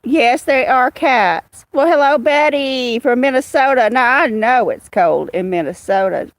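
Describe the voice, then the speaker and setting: A woman hosting a casual livestream outdoors, greeting viewers by name in a slow, chatty way. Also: high voice, no room sound. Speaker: livestream host. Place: outdoors with cats.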